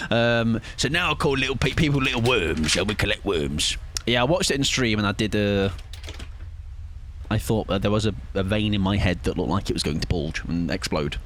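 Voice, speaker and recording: A man chatting away on a game stream, playful and rambling with frequent little chuckles. His pitch swings all over the place, and faint ambience hums in the background. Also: expressive, normal speed, a bit bright, slight background noise. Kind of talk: casual live-stream chat while gaming.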